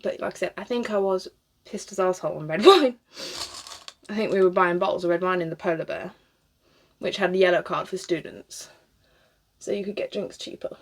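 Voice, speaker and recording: A British cosplayer in her thirties chats casually while styling a wig, her speech brisk and often paused, her voice on the low side. She rambles, swears a lot and laughs often.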